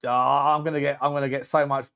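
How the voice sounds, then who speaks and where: A man's voice: medium pitch, fast talker, gravelly. A man hosting a casual football watchalong, jokey and playful, chatting through the match. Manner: jokey, animated, puts on silly voices. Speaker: host.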